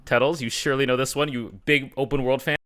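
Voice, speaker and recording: A man's voice: mid-range voice, fairly even intonation, fast talker, fairly bright tone. A man hosting a casual podcast trivia quiz, reading questions and teasing the players. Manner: playful, teasing. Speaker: quizmaster.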